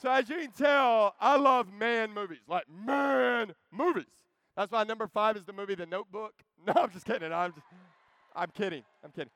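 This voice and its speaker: High-voiced, lively man preaching. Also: fairly quick, clean tone, no room sound. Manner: joking, animated, calls to the crowd. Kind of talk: energetic camp sermon.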